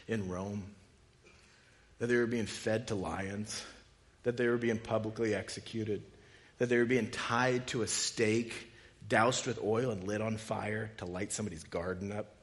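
A man preaching a sermon as pastor, moving from quiet conversational asides to loud, impassioned rhetorical questions. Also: medium pitch.

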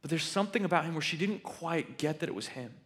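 Lively guy preaching, casual and jokey, kinda high voice. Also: fast talker. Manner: animated, conversational, joking asides. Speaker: pastor. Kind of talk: sermon.

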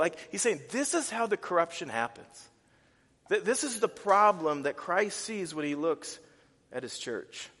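A man preaching a sermon, animated and casual, with many restarts and fillers. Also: a little high, moderate pace. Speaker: pastor. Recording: reverberant hall.

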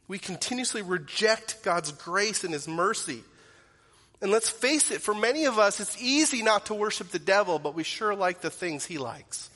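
A man preaching a sermon, earnest and direct as he puts questions to the people in front of him. His voice sits a little high and rings bright and forceful. The sound carries the long reverb of a large church sanctuary. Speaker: pastor.

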